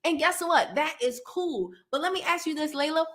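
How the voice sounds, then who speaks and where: Lady chatting on a live stream, high bright voice, laughs a lot, talks right to the viewers. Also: moderate pace, a little hiss or hum. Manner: chatty, laughing often, talks straight to her audience. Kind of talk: casual chat to live viewers.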